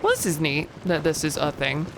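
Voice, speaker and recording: A woman's voice: low-pitched, huge pitch swings, a little fast, noisy background. Chatty young woman streamer. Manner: chatty, wry asides. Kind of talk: casual gaming commentary.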